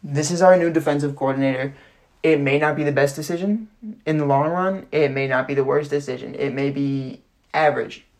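A man's voice: fairly high pitch, fairly even intonation, fairly quick, darkish tone. A young man around twenty hosting his own sports podcast, rambling and ranting with many fillers and restarts. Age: about 20. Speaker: podcast host. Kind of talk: solo sports podcast commentary.

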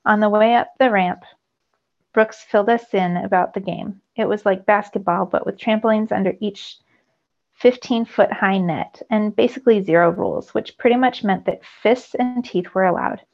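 A teacher reading a novel aloud to her students in a steady first-person storytelling manner. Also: mid-range voice, moderate pace, vocal fry. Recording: slightly dull lo-fi recording.

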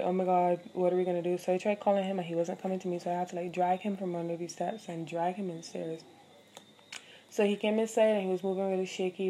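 A woman's voice: on the low side, dark tone, slight background noise. Profane, chatty young woman podcaster. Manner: candid, profane, chatty with many fillers. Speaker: podcast host. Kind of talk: casual solo podcast storytelling.

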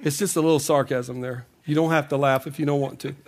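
A male pastor preaching a sermon, often breaking into a sung cadence and climbing to shouts. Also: on the high side, steady tone, fast.

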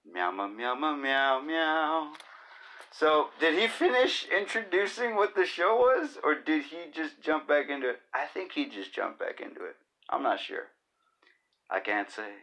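A man's voice: a little high, animated, normal speed, fairly bright tone. A man in his thirties hosting a casual solo podcast, rambling and joking, often slipping into silly voices and bits of singing. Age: 30s. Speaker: podcast host.

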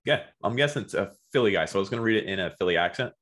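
Low-voiced young man, deadpan podcast co-host. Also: very fast. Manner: deadpan, jokey, reads fan letters in put-on voices. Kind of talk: casual comedic podcast banter.

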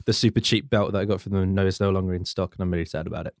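Man, podcast co-host, fast, joking, swearing, dry sound. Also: low-pitched, fairly even intonation, no room sound. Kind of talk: casual chat.

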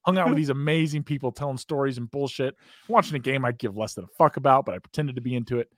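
A man's voice: medium pitch, fast talker, fairly bright tone, dry recording, clean studio sound. A man with an American accent, hosting a podcast and telling a long, profane, rambling story in casual chat, often breaking into laughter. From United States. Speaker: podcast host.

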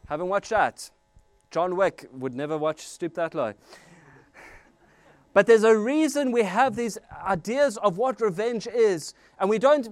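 A man preaching a sermon as pastor, animated and storytelling with jokes and asides. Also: sits high.

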